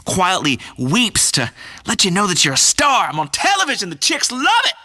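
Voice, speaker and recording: A man's voice: high-pitched, wildly swooping pitch, normal speed, sharp tone, exaggerated voice. An actor playing a crude, self-absorbed male talk radio host who mocks his callers in boastful, sleazy banter. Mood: cocky.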